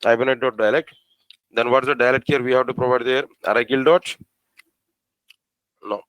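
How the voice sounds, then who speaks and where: Male coding instructor, mid-pitched, talks through code step by step with lots of questions to the class, dry sound. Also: steady tone, fairly bright tone, no echo, rough recording. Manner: repetitive, asks the class questions, spells out code slowly. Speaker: programming teacher. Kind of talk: live coding lesson.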